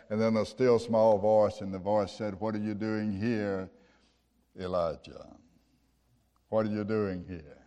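A man's voice: medium pitch, a little mellow. A man preaching a sermon, telling stories in a folksy, conversational way with rhetorical questions. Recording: long hall reverb.

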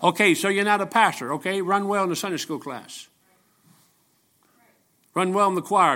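An older man with a drawl preaches a rambling, storytelling sermon full of jokes. His voice is pitched somewhat high and bright. He climbs into loud, shouted peaks. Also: moderate pace, pauses often. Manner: folksy, jokey, shouts rising to preaching peaks. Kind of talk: folksy sermon with stories.

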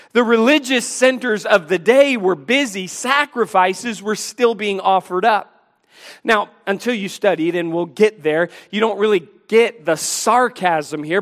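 A man's voice: high-pitched, fairly bright tone. A man preaching a sermon, emphatic as he quotes and explains scripture, with a sarcastic edge. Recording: long hall reverb.

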